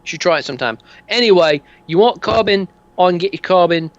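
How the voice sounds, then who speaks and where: A man's voice: high voice, lively intonation, a little fast, no echo, pitched above the performer's own voice. A man voicing a pushy, sleazy male fixer who keeps nudging and saying "mate", on dull lo-fi audio. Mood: wheedling. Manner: wheedling, nudging, full of "mate" and "eh".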